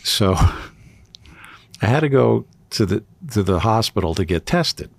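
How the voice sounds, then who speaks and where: A man's voice: lowish voice, animated, slow pace, vocal fry, dry recording. A man co-hosting a podcast, telling a story in casual chat and laughing often as he goes. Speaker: podcast co-host.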